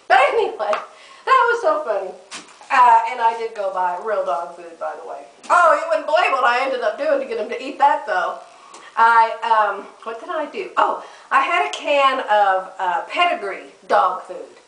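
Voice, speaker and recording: A woman's voice: on the high side, fairly bright tone. A middle-aged woman chatting to camera, telling a funny story and laughing often. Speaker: vlogger. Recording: echoey room, mic at a distance.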